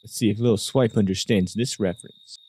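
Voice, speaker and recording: A man's voice: on the low side, fairly even intonation, fairly quick, a little mellow, a little hiss or hum. A young man commenting casually on a game, muttering to himself with joking asides. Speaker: gamer.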